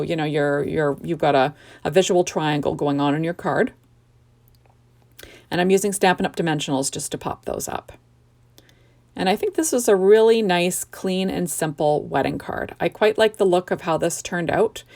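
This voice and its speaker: A middle-aged woman chatting casually through a card-making tutorial in her home craft room, unhurried and full of fillers and restarts. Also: fairly low pitch, a little mellow.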